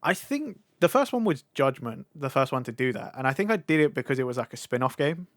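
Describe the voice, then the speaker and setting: A man's voice: mid-range voice, very animated, fast talker, dry recording, clean studio sound. A man co-hosting a casual podcast chat, easygoing and chuckling along as he talks. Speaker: podcast co-host.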